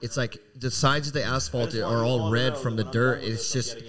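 Young male co-host, loose and profane, easily worked up. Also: mid-range voice. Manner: profane, excitable, quick to laugh. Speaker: podcast co-host. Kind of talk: casual chat.

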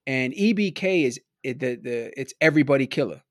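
A man's voice: medium pitch, expressive, a little fast, no echo, clean studio sound. A man from Milwaukee telling a story in a loose, rambling way, filling his talk with "like" and "right?". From Milwaukee, USA. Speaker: podcast guest. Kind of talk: casual storytelling.

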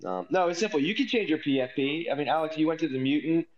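Man, slightly high voice, teasing, mocking banter, muffled lo-fi audio. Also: lively intonation. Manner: teasing, mocking, quick comebacks. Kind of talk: casual chat.

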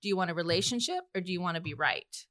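A woman's voice: on the low side, lively intonation, quick pace, sharp tone, no echo, studio quality. A woman co-hosting a casual podcast chat, telling stories animatedly and laughing often. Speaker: podcast co-host.

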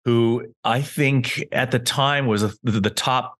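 A middle-aged man co-hosting a podcast, chatting casually through an episode recap, animated and repeating himself for emphasis. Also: medium pitch, slow. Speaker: podcast co-host.

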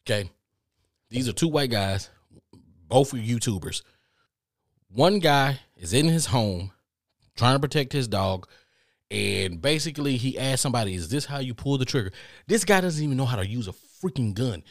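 A man's voice: mid-range voice, lively intonation, normal speed, pauses often, no room sound. Emphatic male podcast host, dry sound. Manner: emphatic, repeats words when worked up. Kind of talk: casual commentary.

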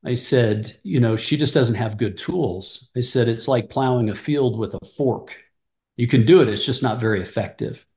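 A man's voice: mid-range voice, normal speed, echoey room. A middle-aged man, a ministry leader, earnestly telling mentoring stories in an interview, acting out both sides of past conversations. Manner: earnest, animated retelling of conversations with restarts.

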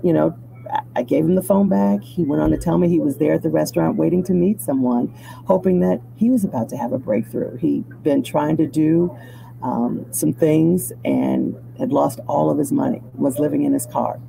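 A middle-aged woman from Chicago, a news journalist, telling her story as a guest in a reflective conversational way that grows animated at the high points. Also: normal speed, creaky, noisy background.

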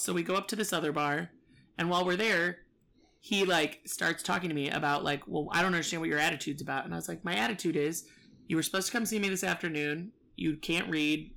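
Creaky bright-voiced woman ranting. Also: fairly low pitch. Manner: profane, exasperated storytelling. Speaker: storyteller. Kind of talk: casual chat.

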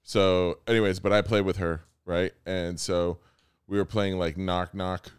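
A man co-hosting a podcast in casual, joking chat, animated and quick to slip into silly voices. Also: low-pitched, smooth, dry recording, studio quality. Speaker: podcast co-host.

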